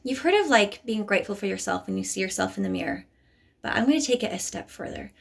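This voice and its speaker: Earnest woman with a gravelly edge. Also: mid-range voice, animated, quick pace. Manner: earnest, coaxing, keeps checking in with "okay?". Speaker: self-help vlogger. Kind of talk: motivational talk to camera. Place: at home, moving to a bathroom mirror. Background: young children nearby.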